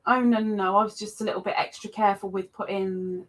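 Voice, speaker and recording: A woman hosting a casual livestream chat, greeting viewers by name with excited jumps in her voice. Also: mid-range voice, fast. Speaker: livestream host.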